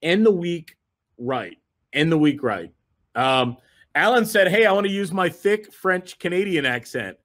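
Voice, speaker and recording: A man's voice: on the high side, sing-song, unhurried, fairly bright tone. A man hosting a group video call, giving a rambling, enthusiastic motivational talk full of fillers and repeated phrases.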